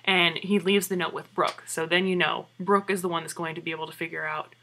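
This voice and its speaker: A woman giving a chatty, excited recap of a TV episode and asking her viewers questions. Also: lowish voice, a little fast, slight background noise.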